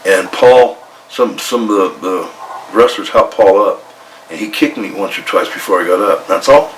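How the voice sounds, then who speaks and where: A retired pro wrestler, low-voiced and profane, tells blunt stories at a moderate pace in a candid interview, retelling arguments through quoted dialogue. He's in an indoor room with a coffee maker, caught on a distant mic with echo and slight hiss or hum.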